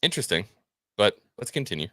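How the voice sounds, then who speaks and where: A man's voice: fairly low pitch, sing-song, fast, sharp tone, dry recording. A man co-hosting a podcast in casual chat, trading sarcastic jokes. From Italian-American family. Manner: sarcastic and joking. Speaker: podcast co-host.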